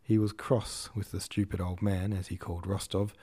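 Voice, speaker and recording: A man reading a classic novel aloud as a podcast host, in a measured storytelling manner. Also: sits low, flat delivery, mellow. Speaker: audiobook reader and podcast host.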